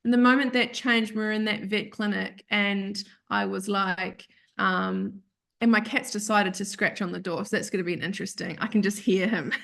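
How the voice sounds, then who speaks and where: A woman's voice: medium pitch, normal speed, gravelly. Earnest woman telling a personal story. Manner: animated, acts out quotes of other people in her story; earnest, open about grief. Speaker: podcast guest.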